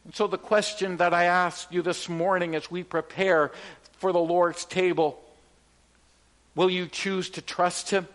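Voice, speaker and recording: A man from Canada preaches a sermon in a high, unhurried voice. He leans on each phrase and has the congregation repeat lines after him. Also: level tone, a bit bright. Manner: slow, emphatic preaching with call-and-response. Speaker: pastor.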